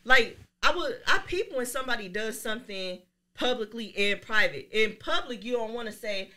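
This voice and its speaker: Woman, podcast guest, blunt, profane, bright sharp voice, mimics quoted people. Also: fairly high pitch, expressive, moderate pace. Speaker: business owner. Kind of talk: casual podcast chat.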